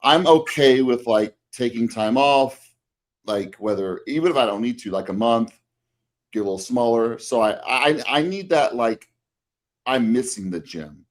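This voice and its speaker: A man's voice: medium pitch, expressive, a little slow. A middle-aged man and fitness coach, co-hosting a casual podcast chat, rambling with many fillers and restarts.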